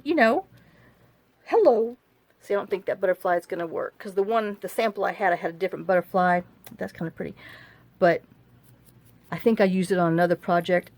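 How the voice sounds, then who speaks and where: Rambling, frank woman on phone camera. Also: lowish voice. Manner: rambling, frank, repeats herself. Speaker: crafting vlogger. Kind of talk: chatty storytelling while crafting.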